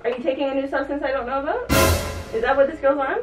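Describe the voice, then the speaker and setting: A woman's voice: high-pitched, fairly even intonation, fast talker, lo-fi sound. A woman vlogger in casual chat, insistently questioning and pleading. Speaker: vlogger, the girlfriend being pranked. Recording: roomy, far from mic, faint music.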